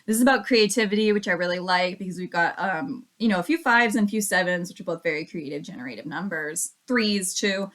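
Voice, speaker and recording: A woman doing a casual oracle card reading for her viewers, chatty and repeating each affirmation slowly. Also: lowish voice, fairly bright tone. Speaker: card reader.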